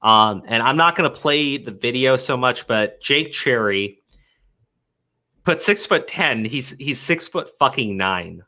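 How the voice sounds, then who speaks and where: A man's voice: mid-range voice, expressive, measured pace, sharp tone. A man hosting a commentary stream, talking heatedly, swearing often and repeating words as he goes. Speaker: commentary show host. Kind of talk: casual commentary chat.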